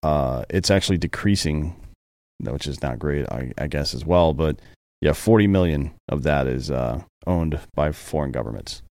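A man's voice: a bass voice, animated, normal speed, darkish tone, no echo, studio quality. A man hosting a podcast in casual banter, looking up and reading out figures between crude jokes. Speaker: podcast host.

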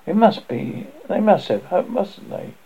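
A man voicing a plump, asthmatic schoolboy who is anxious and eager to please, with a raised boyish pitch and plain working-class speech, in a storybook reading. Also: big pitch swings, slow, gravelly, breathy edge, full character voice. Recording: dull lo-fi recording.

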